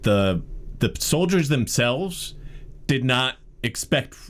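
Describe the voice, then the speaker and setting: A man co-hosting a casual group chat on a stream, laid-back and halting with many fillers. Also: mid-range voice, lively intonation. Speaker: comedy troupe member, co-host.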